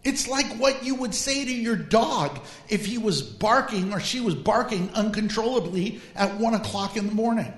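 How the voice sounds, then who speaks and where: A man preaching as a pastor in a lively, humorous way, drawing out emphatic phrases. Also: high-pitched, normal speed, hardly any pauses. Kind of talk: sermon. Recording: echoey hall.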